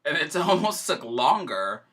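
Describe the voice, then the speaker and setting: A man hosting a casual chat, telling a story in an animated, emotional way. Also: on the high side, measured pace.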